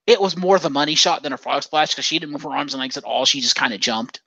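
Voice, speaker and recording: A man's voice: a little high, quick pace, gravelly, sharp tone, no room sound, rough recording. A man co-hosting a podcast, chatting casually about wrestling in a sarcastic, profane rant. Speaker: podcast co-host.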